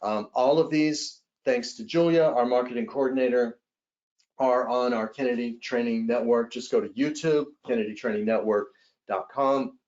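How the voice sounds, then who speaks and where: A man leading a live hospitality sales training webcast, animated and acting out callers and agents in quick role-plays. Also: medium pitch, highs cut off. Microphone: webcast mic.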